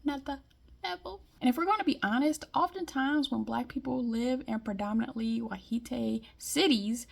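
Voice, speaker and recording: A woman's voice: sits high, normal speed, vocal fry, breathy edge. A woman from Detroit giving a blunt, emphatic monologue in casual vlog style. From Detroit, US Midwest. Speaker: vlogger.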